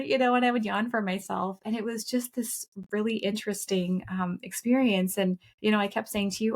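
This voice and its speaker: A woman's voice: medium pitch, brisk. A middle-aged woman co-hosting a casual podcast conversation, speaking in an earnest, reflective and candid way, with some profanity. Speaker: podcast co-host.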